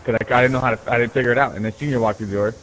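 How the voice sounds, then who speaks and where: A man's voice: medium pitch, steady tone, very fast, fairly bright tone, slight background noise, poor audio. A man casually telling profane, rambling stories while gaming, often tossing in "right?". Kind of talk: casual storytelling.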